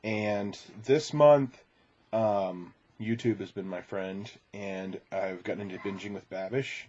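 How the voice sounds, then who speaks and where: A man hosting a podcast in casual chat, talking in a chatty, playful way and sometimes slipping into quick impressions. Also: lowish voice, steady tone, a little mellow, lo-fi sound. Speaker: podcast host.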